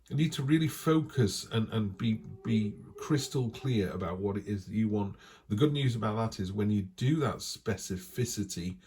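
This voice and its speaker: Guy doing a chatty tarot reading, really low voice, soft warm tone. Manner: chatty, reassuring, with acted asides. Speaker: tarot reader.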